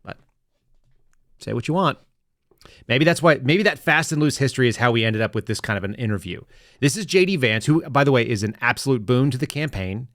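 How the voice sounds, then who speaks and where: A man's voice: mid-range voice, lively intonation, brisk, a bit bright, no room sound, clean studio sound. A man hosting a podcast, delivering sarcastic, rambling political commentary with frequent restarts. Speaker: podcast host.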